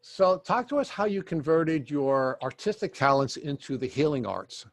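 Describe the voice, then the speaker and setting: A man's voice: fairly high pitch, lively intonation, moderate pace, dry recording. A man co-hosting a podcast, asking his guest questions in a courteous, somewhat formal way. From Long Island, New York. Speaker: podcast co-host. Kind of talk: interview questions.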